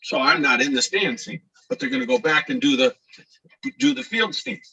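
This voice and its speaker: A middle-aged man from Scranton tells his stories in a bright, edgy, slightly husky voice, throwing himself into the voices of the people he describes. He sits a little back from the mic, so he sounds a touch distant. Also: a little high, normal speed, lo-fi sound. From Scranton, Pennsylvania, USA. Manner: animated storyteller who acts out shouted quotes. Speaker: guest, actor and DJ. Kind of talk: casual interview storytelling. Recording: voice a bit far from the mic.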